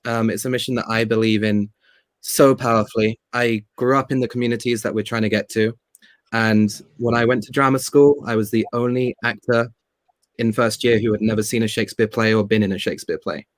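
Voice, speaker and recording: A man's voice: fairly low pitch, steady tone, fairly quick, no echo, rough recording. A man on a video call speaking sincerely and earnestly as an interview guest. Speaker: guest actor.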